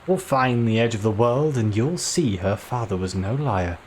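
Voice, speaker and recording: A man's voice: on the low side, lively intonation, moderate pace, slight background noise, lightly acted. Man doing a defiant ship's first mate. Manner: yelling defiantly. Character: loyal male first mate on a ship, defiant.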